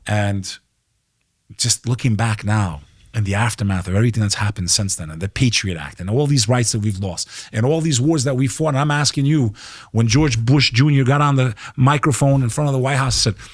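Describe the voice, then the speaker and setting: A middle-aged man from the United States, appearing as a podcast guest, argues heatedly and emphatically, swearing and repeatedly saying "bro." His mid-range voice moves briskly, recorded in studio quality with no room sound.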